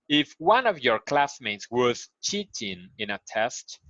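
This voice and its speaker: Teacher with a Spanish accent, dull lo-fi sound. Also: male voice, medium pitch, big pitch swings, a bit bright, no room sound. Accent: Mexican Spanish. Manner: explains slowly, repeats key phrases, acts out example lines. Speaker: English teacher. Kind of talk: recorded online grammar lesson.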